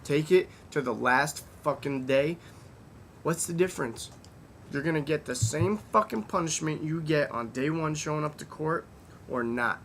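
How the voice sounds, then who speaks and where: A man hosting a casual podcast chat, telling stories in a blunt, profane, animated way. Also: normal speed. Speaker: podcast host. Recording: faint rumble and background noise.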